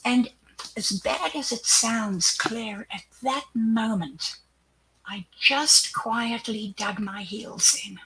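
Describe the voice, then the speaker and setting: Bright-voiced older woman telling a vivid story. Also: on the high side, slow, slight background noise, poor audio. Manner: animated storyteller who acts out quoted dialogue, dropping into hushed asides. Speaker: guest. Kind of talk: recounting a personal story in an interview.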